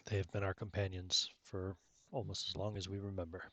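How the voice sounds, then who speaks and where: A man voicing a calm, formal underground-dwelling envoy in a tabletop role-play game. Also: low voice. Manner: measured, formal, explanatory.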